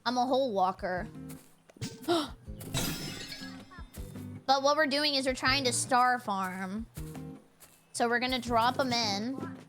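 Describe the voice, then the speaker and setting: High-voiced girl streamer, bouncy and goofy, takes her time talking, game music going behind her. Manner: playful, excitable, yelps and giggles. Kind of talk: casual gameplay commentary.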